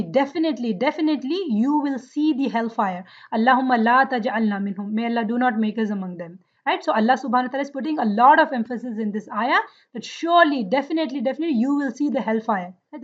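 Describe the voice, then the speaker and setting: A woman with a high, clear-pitched voice teaches Arabic grammar to an online class. She explains patiently and keeps asking if everyone is following. The audio sounds dull and lo-fi. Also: a bit bright. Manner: explains patiently, checks understanding often.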